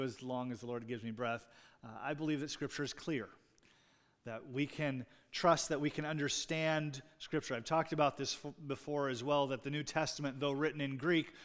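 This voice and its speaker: A man's voice: on the high side, fairly bright tone. Man preaching in a reverberant hall. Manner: conversational preaching with fillers, rising emphasis on key words. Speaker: pastor. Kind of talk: sermon. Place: church sanctuary. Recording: long reverb in a large hall.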